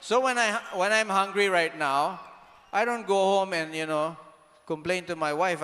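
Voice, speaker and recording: Speaking at a normal pace, a slightly high-voiced man gives a lively motivational speech, tossing rhetorical questions at the audience and sometimes bursting into a shout. His voice echoes with a long reverb, as in a big hall.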